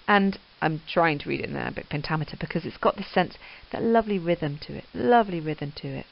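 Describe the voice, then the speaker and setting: A woman's voice: deep voice, a little fast, gravelly. A woman teaching English literature, reading Middle English verse aloud and explaining it with enthusiastic emphasis. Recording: dull lo-fi recording.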